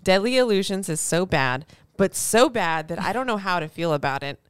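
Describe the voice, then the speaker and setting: A woman's voice: fairly low pitch, animated, moderate pace, smooth, no echo, clean studio sound. A young woman co-hosting a podcast, chatting casually, reading tweets aloud and laughing often. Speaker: podcast co-host.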